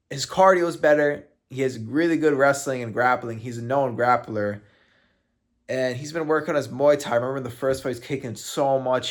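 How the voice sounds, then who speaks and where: A man's voice: mid-range voice, fairly bright tone. A man commenting on combat sports in a casual fight breakdown, joking and laughing often.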